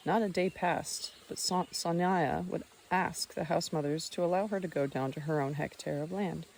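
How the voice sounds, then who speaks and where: Mellow low-voiced woman narrating a book. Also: normal speed, a little hiss or hum. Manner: steady reading with occasional slips and footnotes read aloud. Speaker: audiobook narrator. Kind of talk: audiobook narration.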